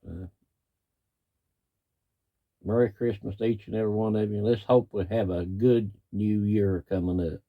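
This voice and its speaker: A man's voice: lowish voice, steady tone, moderate pace, pauses often, phone-quality sound. A middle-aged man, a cattle farmer ranting in plain, folksy, angry talk. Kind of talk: frustrated rant to camera.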